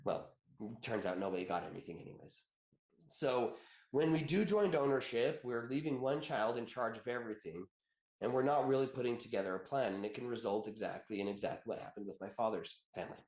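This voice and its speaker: A man's voice: medium pitch, a little fast, a little mellow, roomy sound. A man in his thirties, an attorney giving a conversational webinar, chatty and joking, telling personal stories and laughing often.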